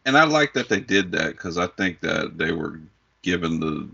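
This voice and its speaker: A man's voice: sits low, very animated, normal speed, gravelly, sharp tone, breathy edge, dull audio. A man co-hosting a podcast, giving his thoughts on a film in casual chat. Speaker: podcast co-host. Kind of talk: casual movie review chat.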